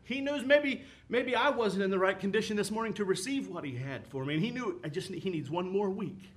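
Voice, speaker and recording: A man's voice: sits high, expressive, brisk. A man preaching a sermon with an impassioned, rising and falling cadence, quoting scripture.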